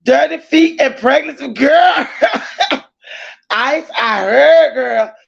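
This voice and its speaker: A woman hosting a casual livestream, effusively greeting viewers by name and often calling out loudly, with the odd cough. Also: high-pitched, extremely slow, vocal fry. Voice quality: coughs between lines. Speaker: livestream host. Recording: dull lo-fi stream audio.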